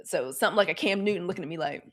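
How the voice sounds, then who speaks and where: A woman's voice: on the low side, very fast. A Gen X woman hosting a live news commentary show, talking candidly with profanity and acting out mock quotes. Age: 40s or 50s. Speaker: host.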